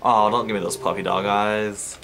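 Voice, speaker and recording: A man hosting a let's play, telling a story in a chatty, animated way over gameplay, swearing casually. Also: on the low side, normal speed, very noisy. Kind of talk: casual gameplay commentary and anecdote.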